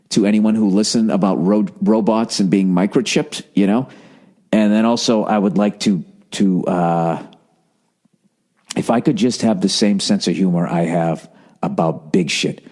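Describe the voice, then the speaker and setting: A man's voice: fairly low pitch, a little mellow. A man in his forties from the United States, a podcast host and comedian, rambling in a profane, self-mocking monologue. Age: 40s.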